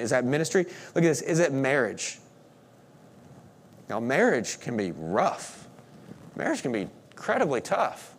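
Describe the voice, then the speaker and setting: A pastor preaching a sermon in a conversational way, with playful asides. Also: male voice, mid-range voice, sing-song, normal speed, long pauses.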